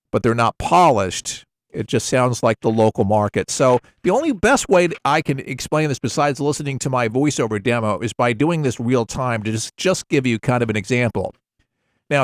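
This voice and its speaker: A man working as a voiceover coach, explaining the craft in a relaxed, conversational way with examples. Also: medium pitch, no room sound, studio quality. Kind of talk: casual instructional talk.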